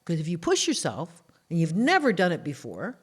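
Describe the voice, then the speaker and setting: A woman from Canada, talking in a casual interview as an author and guest, telling animated stories and acting out the voices of the people in them. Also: lowish voice, moderate pace, breathy edge. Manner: animated storyteller who acts out quoted voices.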